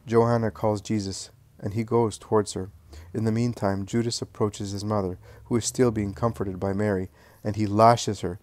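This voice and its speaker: A man reading a religious story aloud as narrator, in an even, solemn way. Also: on the low side, moderate pace, dry recording. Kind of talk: scripted narration.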